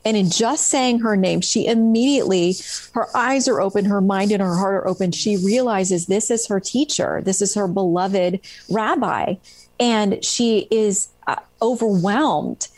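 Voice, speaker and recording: A woman's voice: medium pitch, unhurried, darkish tone. A woman author retelling stories from her book in a casual interview, with many ums and restarts. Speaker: author guest.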